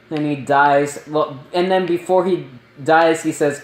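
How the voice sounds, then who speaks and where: A man giving a casual spoiler movie review, rambling and excitable, with lots of ums and likes. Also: a little high, normal speed, a little hiss or hum. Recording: roomy echo.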